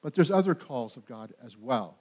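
A pastor preaching a sermon, animated and emphatic. He rises to loud peaks and often repeats and restarts words. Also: mid-range voice, normal speed.

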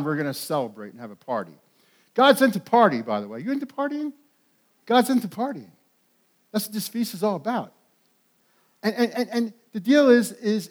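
In this sermon, a high-voiced male pastor addresses his congregation with lively, forceful delivery. His speech rises to loud climaxes, full of repetitions and rapid restarts.

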